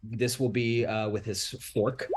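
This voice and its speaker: A man narrating a tabletop game as game master, pausing often and filling gaps with hesitations. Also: fairly low pitch, little pitch movement, music in the background. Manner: halting, many fillers.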